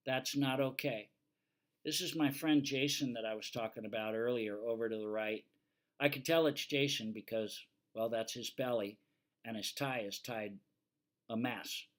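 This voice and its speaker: A man's voice: mid-range voice, a bit bright. Older man giving a plainspoken lecture. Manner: plainspoken, teasing, repeats warnings firmly. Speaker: fire safety instructor. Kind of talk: lecture over slides.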